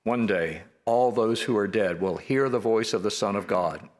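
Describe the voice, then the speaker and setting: A man preaching a sermon, earnest and measured, slowing down to stress each scripture quote. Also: on the low side.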